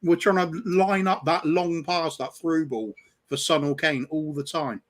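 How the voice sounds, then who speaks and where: Guest fan, male, somewhat high voice, blunt casual take on the match, swears. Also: fairly even intonation, measured pace, fairly bright tone. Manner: frank, analytical, swearing. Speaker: guest fan on a watch-along stream. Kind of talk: casual football chat over a call.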